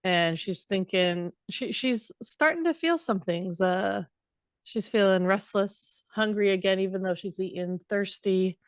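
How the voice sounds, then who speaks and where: A woman's voice: mid-range voice, measured pace, smooth, dry recording, studio quality. A woman co-hosting a book podcast, recapping chapters in a chatty, hesitant way full of asides. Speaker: podcast co-host. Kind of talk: casual book recap chat.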